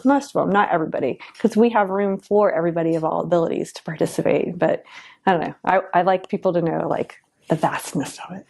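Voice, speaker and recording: Woman coach, casual interview talk, lowish pitch, chatty and full of fillers. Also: vocal fry, a little mellow. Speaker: Special Olympics swim coach.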